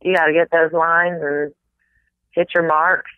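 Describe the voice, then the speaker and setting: Sitting low in pitch, this woman's voice comes through a dry, tinny, phone-like recording with no room sound. She's a stage actress from the American South, chatting lively as an interview guest and quick to demonstrate accents.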